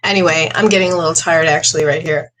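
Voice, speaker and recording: A woman's voice: deep voice, fairly even intonation, fast, fairly bright tone, slight background noise, low-quality recording. An older woman talking casually to her viewers, rambling and chatty and a little emotional. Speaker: vlogger. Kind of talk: casual chat to camera.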